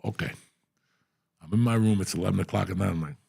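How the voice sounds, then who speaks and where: Man, rough husky voice, gravelly, blunt profane storyteller, interview guest. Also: sits low, fast, darkish tone. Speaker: guest comedian.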